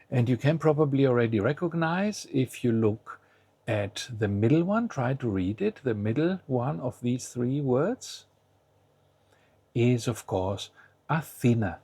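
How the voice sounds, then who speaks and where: A man with a husky, slightly rough voice, explaining a lesson in a patient, step-by-step way. He keeps pausing to invite the listener to try each word aloud first. The sound is dry and close, with no room around it. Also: mid-range voice, mellow, no room sound. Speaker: language teacher.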